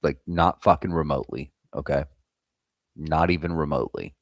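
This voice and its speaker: Here a gravelly bass voice moves at a moderate pace over a dry recording. He's an American streamer hosting live trading, swearing casually as he reads and responds to chat.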